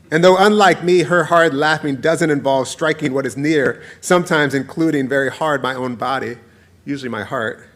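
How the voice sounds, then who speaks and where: A man in his forties reads his own essay aloud to an audience in a medium-pitched voice. His storytelling is playful and warm, with frequent laughter.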